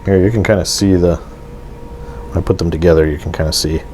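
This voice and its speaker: A man's voice: deep voice, fairly even intonation, moderate pace, darkish tone, a little hiss or hum. A man hosting a miniatures hobby channel, talking through his models in a casual show-and-tell vlog, rambling with many ums and restarts.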